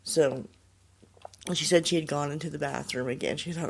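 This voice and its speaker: A man's voice: a little high, fairly even intonation, moderate pace, gravelly, pauses often. A man hosting a show, casually retelling a listener's paranormal story in a rambling way, full of fillers. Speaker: podcast host.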